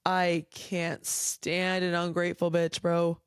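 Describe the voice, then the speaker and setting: A podcast host rants bluntly on her own show from home late at night, sounding tired, swearing freely and saying "like" constantly. Her voice sits on the low side, smooth and slow with a completely flat delivery, captured in a dry, studio-quality recording.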